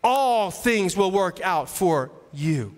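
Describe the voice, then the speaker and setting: A man's voice: high-pitched, sing-song, slow. A male associate pastor preaching a sermon, building to repeated rising declarations before a church congregation. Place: large church sanctuary. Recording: long hall reverb from church.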